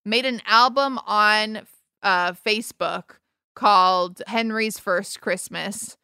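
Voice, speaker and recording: Bright, crisp young woman. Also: mid-range voice, slow pace, no echo, studio quality. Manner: chatty and upbeat, laughs easily. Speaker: podcast co-host. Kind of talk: casual chat.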